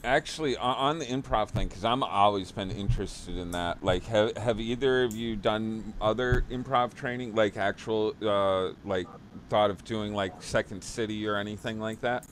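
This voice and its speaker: A man's voice: fairly low pitch, moderate pace, a little hiss or hum. A man hosting a casual interview, stumbling over repeated words and teasing his guests. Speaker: podcast host.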